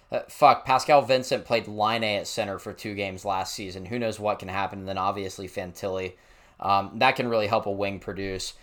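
A man co-hosting a casual sports podcast, joking bluntly and swearing freely. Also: on the low side. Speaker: podcast co-host.

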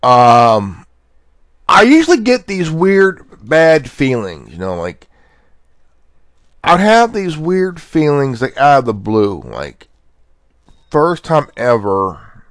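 A man's voice: medium pitch, wildly swooping pitch, slow pace, long pauses, no echo, studio quality. A man rambling through a casual monologue, laid-back and profane, full of slang and fillers. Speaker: podcast host.

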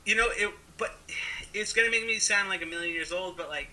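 A man's voice: high-pitched, a little fast, sharp tone, rough recording. A young man telling a story in casual chat, rambling with many fillers and acting out the people he quotes. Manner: rambling, filler-heavy, acts out quoted voices.

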